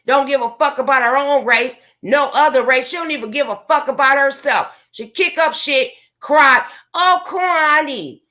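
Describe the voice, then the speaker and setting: A woman's voice: high-pitched, normal speed, hardly any pauses, bright, forceful tone. A woman vlogger, delivering a profane, confrontational rant to her viewers. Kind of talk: angry rant to camera.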